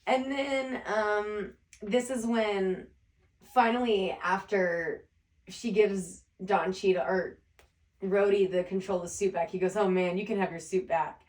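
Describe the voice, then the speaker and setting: A woman's voice: mid-range voice, steady tone, a little slow, a little mellow, far from the mic. A young woman co-hosting a podcast, casually recapping a film with laughs and rambling asides. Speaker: podcast co-host. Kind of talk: casual chat.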